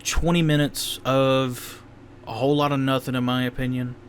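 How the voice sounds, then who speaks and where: A man's voice: medium pitch, level tone, normal speed, a little hiss or hum. A young man casually reviewing a wrestling show in a rambling, candid way, often stopping to correct himself.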